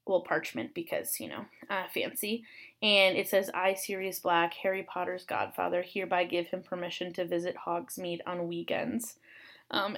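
A young adult woman hosting a casual solo chat, rambling with many ums and uhs. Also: lowish voice.

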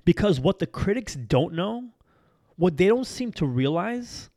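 An energetic man hosts a daily motivational podcast, talking in a chatty, upbeat way. His voice sits a little higher than most men's, and he laughs often and repeats phrases for emphasis. The recording is dry and close, with no room sound. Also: measured pace, no room sound. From Massachusetts. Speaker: podcast host. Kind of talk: motivational talk show monologue.

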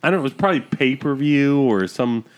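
A man's voice: medium pitch, expressive, quick pace, clean tone. A man chatting casually on a podcast, rambling with lots of fillers and laughing often.

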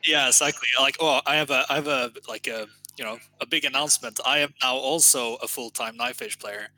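Swedish guy, bright and hesitant. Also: medium pitch, a little fast, rough recording. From Sweden. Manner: hesitant, filler-heavy. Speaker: podcast co-host. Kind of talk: casual chat.

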